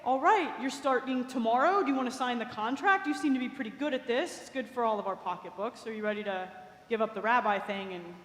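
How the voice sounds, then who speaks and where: A woman's voice: on the high side, fast, close to an everyday voice. A woman voicing Peter, a tired and exasperated grown fisherman, in a sermon. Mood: joking. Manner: exasperated, sighing retorts. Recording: echoey cathedral with long reverb.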